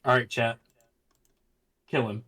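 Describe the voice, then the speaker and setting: A man's voice: medium pitch, fairly even intonation, slow pace, bright, forceful tone. A man chatting casually on a gaming stream, rambling and teasing. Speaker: streamer co-host.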